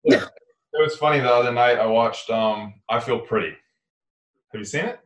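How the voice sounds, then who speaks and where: A podcast co-host, a man with a medium-pitched voice and moderate pace, talks earnestly and ramblingly in a casual conversation, frequently correcting himself mid-sentence. The room sounds roomy and echoey.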